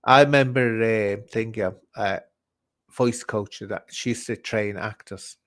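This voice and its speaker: A man with a Scouse accent hosting a stream, chatting in a rambling, animated way. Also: fairly low pitch, unhurried, dry recording. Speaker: stream host. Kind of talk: casual chat.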